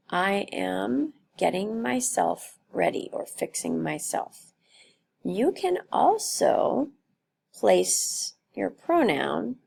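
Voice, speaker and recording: A woman teaching a grammar lesson, explaining slowly and carefully with worked examples. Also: mid-range voice, creaky, slightly rough. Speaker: Spanish teacher.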